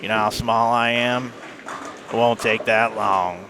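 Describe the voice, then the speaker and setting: A man's voice: fairly low pitch, fairly even intonation, a little slow, noisy background, lightly acted. A man voicing a wisecracking, small-built male pro bowler with a dry joking retort.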